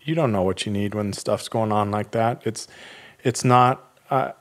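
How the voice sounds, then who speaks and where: A man guest on a church podcast, giving advice in casual talk with a hesitant, halting manner and many restarts. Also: on the low side. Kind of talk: casual conversation.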